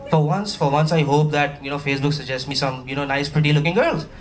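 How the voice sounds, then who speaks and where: Here a Pakistani man does stand-up on a comedy stage, speaking fast in a fairly high voice. His delivery is chatty and lively, full of crowd banter and playful asides to the audience. The sound comes from a slightly distant live mic with a faint hiss.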